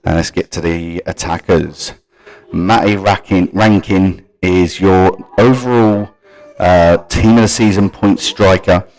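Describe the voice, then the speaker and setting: A man's voice: deep voice, steady tone, measured pace, darkish tone, poor audio. A man hosting a live gaming stream. He runs through league standings and stats and talks casually to his viewers. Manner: reads league stats off screen and chats to viewers. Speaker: stream host.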